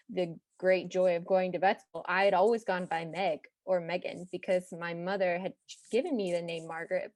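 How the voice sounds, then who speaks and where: A young woman from Texas with no regional accent, telling a personal story to an audience in a chatty, animated way with side remarks. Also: on the low side, no room sound. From Texas, United States.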